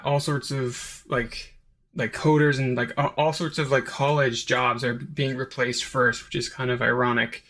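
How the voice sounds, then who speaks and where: A man's voice: mid-range voice, creaky, fairly bright tone. A man hosting his own review channel, talking in a rambling, unscripted way with lots of "like" and "um" fillers. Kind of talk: casual unscripted review monologue.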